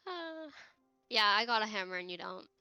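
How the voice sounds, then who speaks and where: A woman's voice: medium pitch, expressive, moderate pace, pushed and bright, clear, resonant tone, dry recording, highs cut off, soft background music. A young woman chatting casually about an episode, emotional and candid, laughing and swearing freely. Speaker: cast member on a recap show. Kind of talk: casual recap chat.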